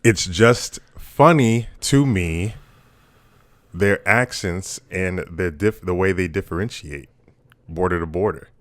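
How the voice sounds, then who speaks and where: A man's voice: sits low, slow pace, no echo. A young man co-hosting a podcast, talking bluntly and profanely in casual chat that turns into heated ranting. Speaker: podcast co-host.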